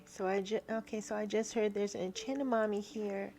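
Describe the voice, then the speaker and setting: A woman giving a spiritual tarot reading to her viewers. She talks haltingly, repeats herself and often checks in with "right?". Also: medium pitch, flat delivery, darkish tone, soft background music. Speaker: tarot reader.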